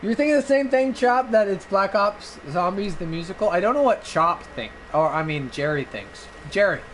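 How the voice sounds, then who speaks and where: A man's voice: sits high, expressive, normal speed, slight background noise. A drunk young man chatting loosely over a game stream, rambling and bursting into song. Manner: rambling, loud, bursts into singing. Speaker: gaming streamer. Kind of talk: casual gameplay chat.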